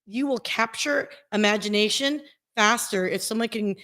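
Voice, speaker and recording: A woman's voice: mid-range voice, normal speed, a bit bright. A woman co-hosting a casual panel chat, chatty and rambling in a playful way. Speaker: co-host.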